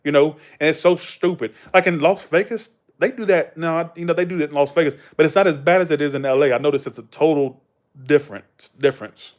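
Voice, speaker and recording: An American man from the United States hosts a livestream, chatting casually and rambling through anecdotes packed with fillers. His voice sits fairly high, with fairly even intonation, and he talks fast.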